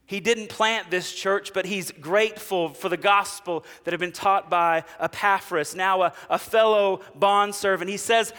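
A man's voice: sits high, a bit bright, clean tone, long reverb tail. A man preaching a sermon, telling humorous stories and acting out the people in them before moving into scripture. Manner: humorous storytelling, acts out quoted characters. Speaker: pastor.

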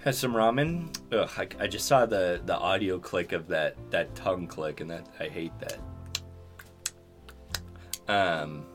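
A man's voice: low-pitched, a little slow, long pauses, faint music behind. A young man from Spokane co-hosting a podcast, chatting casually with many fillers and easy laughs. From Spokane, Washington, USA. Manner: rambling, filler-heavy, laughs easily. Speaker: podcast co-host. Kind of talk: casual chat.

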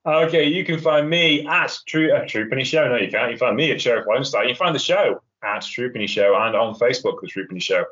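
A man's voice: mid-range voice, fast talker, hardly any pauses, a bit bright. Chatty man hosting a podcast. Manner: chatty, wry, rambling asides. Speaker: podcast host. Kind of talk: casual chat. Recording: dull lo-fi podcast audio.

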